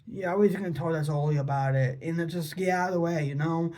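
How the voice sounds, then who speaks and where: A man's voice: fairly high pitch, steady tone, fast talker, darkish tone. A man vlogging an unscripted, rambling monologue to his father, repeating himself and asking pleading questions. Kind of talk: unscripted personal vlog monologue.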